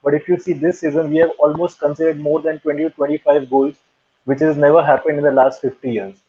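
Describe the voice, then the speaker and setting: A man's voice: on the high side, flat delivery, fast, slightly rough. A man giving firm opinions in a casual football chat as co-host. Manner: opinionated, emphatic. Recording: tinny phone-like call line.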